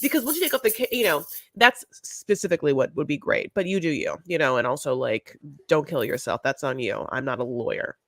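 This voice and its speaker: A woman's voice: deep voice, lively intonation, a little fast, fairly bright tone, no echo, clean studio sound. A woman co-hosting a podcast, recapping a reality show in casual, chatty talk full of "like" and "honey". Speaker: podcast co-host.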